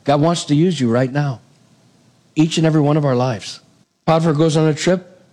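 Middle-aged guy preaching, tells the story lively, slightly higher voice, acts out the lines. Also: brisk. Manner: animated storytelling, acting out the figures' lines. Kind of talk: sermon retelling a Bible story.

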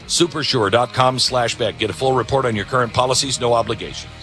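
A male radio talk show host delivering an opinionated monologue, sarcastic and animated, slipping into mocking voices. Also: medium pitch, quick pace, faint music behind.

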